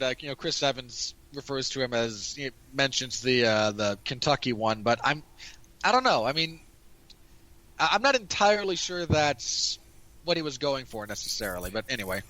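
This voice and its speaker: A man's voice: medium pitch, animated, moderate pace, sharp tone, dry recording, poor audio. A man hosting a casual movie review podcast, rambling with many restarts and repeated "again". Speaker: podcast host.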